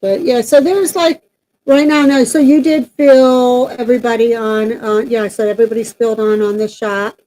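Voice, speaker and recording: A woman's voice: a little high, fairly even intonation, moderate pace, mellow, poor audio. A woman co-hosting a paranormal team's channel, chatting casually and rambling with many fillers as she shares team news and event plans. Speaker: paranormal team member and co-host. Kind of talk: casual announcement chat.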